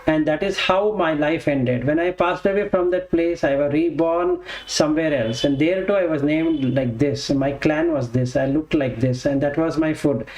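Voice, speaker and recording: A man teaches from an old Buddhist scripture, his voice sitting a little high. He talks slowly, pausing and correcting himself as he explains. The room around him rings with echo. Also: darkish tone. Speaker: dharma teacher.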